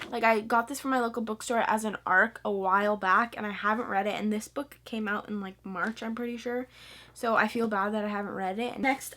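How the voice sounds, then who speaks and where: A young woman chatting casually about books to her camera, bubbly and excitable, full of fillers and eager asides. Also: mid-range voice. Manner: bubbly and excitable, lots of fillers, squeals and laughs. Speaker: book vlogger. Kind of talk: casual chat.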